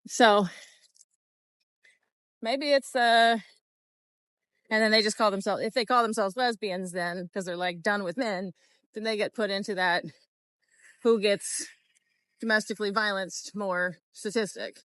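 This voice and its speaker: A woman's voice: medium pitch, steady tone, a little slow, long pauses, fairly bright tone, clear, resonant tone, no room sound. A woman vlogger giving casual commentary in a frank, rambling way, full of fillers.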